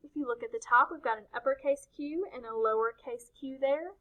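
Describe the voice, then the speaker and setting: A woman teacher giving an online alphabet lesson to young children, speaking slowly and encouragingly in a sing-song way. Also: sits high, narrow, tinny audio. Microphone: home recording.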